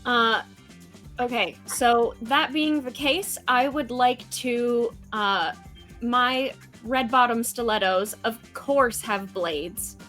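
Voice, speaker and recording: A woman's voice: on the high side, fairly bright tone, soft background music. A woman playing in a tabletop game, playful and dramatic in her casual talk. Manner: playful and dramatic, quick laughs. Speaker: player.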